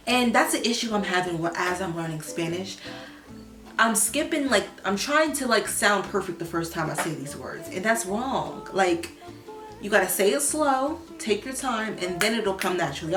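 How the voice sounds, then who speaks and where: A woman's voice: mid-range voice, moderate pace, over music. Chatty woman vlogger in an echoey room. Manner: animated, slangy, talks to viewers, bursts of excitement. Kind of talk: casual vlog, practicing Spanish words.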